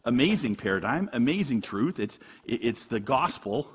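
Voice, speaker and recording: Animated, husky-voiced male pastor preaching. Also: mid-range voice, normal speed. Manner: animated, conversational preaching with rhetorical questions. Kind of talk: sermon. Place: church.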